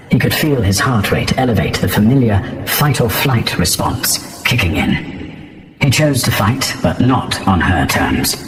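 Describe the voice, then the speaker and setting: Low-voiced man narrating a story. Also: roomy sound.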